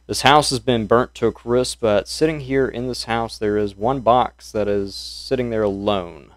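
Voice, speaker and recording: A male game master narrating a tabletop horror game in a mid-pitched voice, loosely describing scenes and pausing often for ums and uhs. The recording is dry and close. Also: dry recording.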